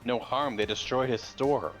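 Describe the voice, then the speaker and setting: A man's voice: mid-range voice, moderate pace, a bit bright, faint music behind. A man playing at a tabletop game, speaking earnestly and indignantly in character. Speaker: player.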